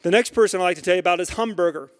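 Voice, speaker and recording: A man's voice: sits high, rapid-fire. A man giving a storytelling lecture as a guest speaker, animatedly acting out the dialogue of the people in his stories. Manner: animated, acts out quoted dialogue. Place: synagogue hall. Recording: hall reverb.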